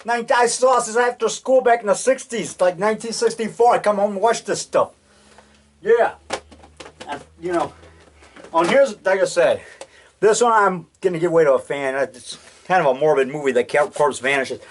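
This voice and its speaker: A man's voice: sits high, moderate pace, slight background noise. Rambling chatty man in his sixties. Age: 60s. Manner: rambling, chatty, keeps adding "man" and "you know". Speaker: filmmaker showing his collection. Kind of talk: casual show-and-tell monologue. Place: at home.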